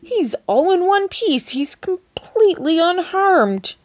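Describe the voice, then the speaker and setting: A woman's voice: extremely high pitch, big pitch swings, slow pace, darkish tone, no echo, voice pushed up, exaggerated voice. A woman reading aloud voices a cheerful, eccentric male chocolate maker who speaks in a bouncy, breezy way in a storybook.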